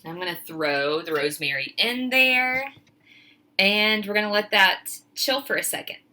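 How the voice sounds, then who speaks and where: A woman teacher films a cooking video in her home kitchen, chatting casually through the demonstration. Her medium-pitched voice is bright and pushed at a moderate pace, and she sounds a little flustered as she pokes fun at herself.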